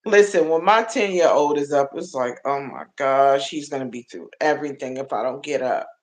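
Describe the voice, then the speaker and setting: A livestream host, a woman in her forties with a deep voice and brisk pace, chats casually with her audience. She's motherly and affectionate, laughs often, and greets viewers by name.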